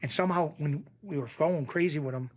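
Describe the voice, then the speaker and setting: A middle-aged man with a Western Massachusetts accent tells stories in a casual interview. He often acts out other people's lines in a raised voice. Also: a little fast. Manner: animated, acts out quoted voices in a raised pitch. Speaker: interview guest, former bookmaker.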